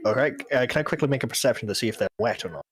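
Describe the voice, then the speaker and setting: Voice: mid-range voice, animated, very fast, slightly rough, no echo. A player at a tabletop game, casually working out a move and asking about the rules.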